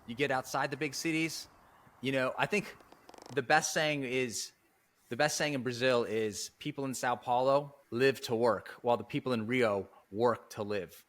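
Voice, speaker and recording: Relaxed male interview host. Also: mid-range voice, normal speed. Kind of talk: casual interview.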